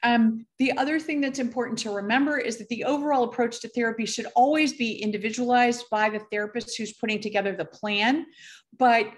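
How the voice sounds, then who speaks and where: A middle-aged woman physician giving a conference presentation, speaking in a measured, careful way with frequent fillers and pauses. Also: fairly high pitch.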